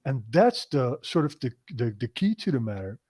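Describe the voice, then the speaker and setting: A man's voice: medium pitch, big pitch swings, normal speed, a little mellow. A man hosting a casual, profane chat, often cutting in with enthusiasm. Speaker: podcast host.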